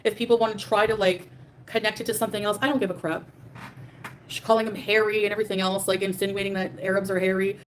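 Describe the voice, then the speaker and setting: A young adult woman streams live, reading super chats and ranting defiantly at her viewers with profanity and frequent fillers. She talks fast in a mid-range voice with a level tone, and slight background noise comes through.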